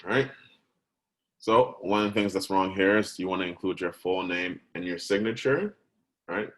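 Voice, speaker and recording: Deep-voiced man teaching a relaxed lesson. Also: normal speed, rough recording. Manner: conversational, keeps asking "right?" and "okay?"; checks in with the listener, stops to correct himself. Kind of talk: recorded classroom lesson.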